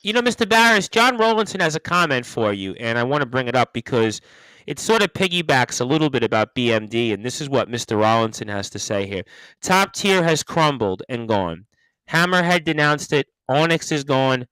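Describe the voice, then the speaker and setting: A man's voice: mid-range voice, big pitch swings, fairly quick, bright, forceful tone, clean tone, dry recording, rough recording. A man hosting a sports radio show, reading listener comments and putting questions to his guests. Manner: reads listener comments aloud, upbeat.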